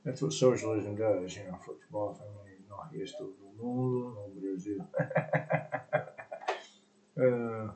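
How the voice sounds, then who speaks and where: A man's voice: fairly low pitch, fairly even intonation, slow pace, long pauses, darkish tone, rough recording. A man hosting his own live stream podcast alone, talking in a crude, profane, rambling and sarcastic way. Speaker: podcast host. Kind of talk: solo live stream chat.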